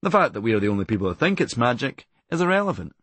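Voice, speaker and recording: A Scottish man reading his own comic memoir in a deadpan, darkly funny delivery. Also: mid-range voice, racing, slightly rough, dry recording. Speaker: comedian narrating his memoir.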